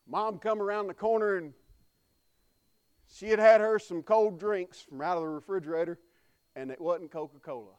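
Pastor, lightly high and smooth, folksy preaching with congregation prompts. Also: male voice, moderate pace, pauses often, a little mellow. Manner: folksy storytelling preacher, calls for congregation response. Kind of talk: sermon.

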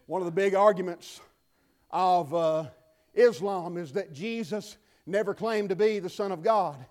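High-voiced preaching pastor. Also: male voice, unhurried. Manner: preaching with scripture readings, swinging from loud proclamations to hushed asides. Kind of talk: sermon.

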